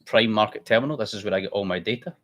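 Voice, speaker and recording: A man's voice: lowish voice, rapid-fire, a bit bright. A man hosting a live trading stream, chatty and blunt, thinking aloud as he works. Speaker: trading livestream host. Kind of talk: casual live trading commentary.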